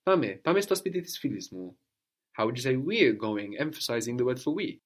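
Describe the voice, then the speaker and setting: A man in the middle of a one-on-one language lesson, with a voice of ordinary pitch. He explains grammar patiently and keeps prompting the student with questions. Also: very animated, fast. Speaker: language teacher.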